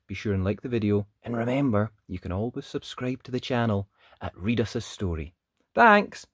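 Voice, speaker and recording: A storyteller reading a children's picture book aloud, expressive, with whispered sound effects. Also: mid-range voice, breathy edge, no room sound, clean studio sound.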